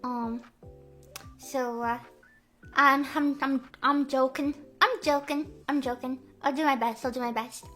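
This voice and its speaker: A woman's voice: high-pitched, steady tone, unhurried, bright, forceful tone, soft background music. A young woman streaming as a VTuber, chatting casually in a rambling, stammering, Valley-girl way full of fillers. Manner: stammering, repeating phrases. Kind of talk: casual livestream chat.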